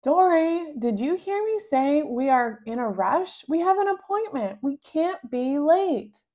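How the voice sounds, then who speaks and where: A woman voicing a hurried, embarrassed mother who is firm and apologetic with her young daughter. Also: mid-range voice, animated, dull audio. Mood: impatient.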